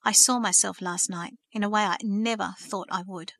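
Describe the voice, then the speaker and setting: A woman's voice: medium pitch, steady tone, moderate pace, vocal fry, fairly bright tone, no echo, clean studio sound. A woman voicing a remorseful, tearful young man who pleads in a shaky, sobbing voice. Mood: pleading.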